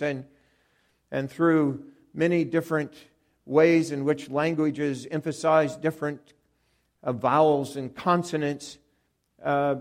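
Male preacher, high voice, unhurried delivery, expository sermon, frequent restarts, emphasized quotations. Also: a little mellow. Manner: repeats words and restarts often, stresses quoted phrases.

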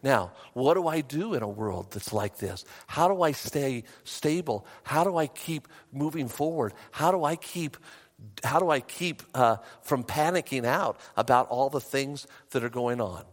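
A middle-aged man preaching a sermon as a pastor, emphatic, his voice rising high in bursts. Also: animated, unhurried, big-room sound.

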